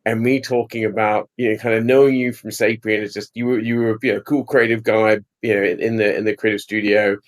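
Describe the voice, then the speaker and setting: A man's voice: on the low side, little pitch movement, quick pace, hardly any pauses. A man hosting an interview show, with an accent that blends American and British, chatty and self-mocking. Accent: mixed American-British. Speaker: podcast host. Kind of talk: casual interview chat.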